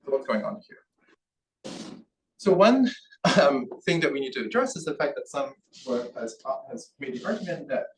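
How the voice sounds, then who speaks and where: A man's voice: medium pitch, sing-song, normal speed. Man giving an academic lecture, distant mic. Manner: explains with frequent "right?" checks and "um" fillers. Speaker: linguistics researcher giving a seminar talk. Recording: distant mic in a room with faint background noise.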